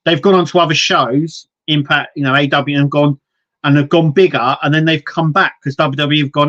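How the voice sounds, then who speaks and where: A man's voice: fairly high pitch, fairly even intonation, a little fast, a bit bright, highs cut off. A man co-hosting a casual wrestling podcast, rambling with lots of restarts and quoted asides. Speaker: podcast co-host.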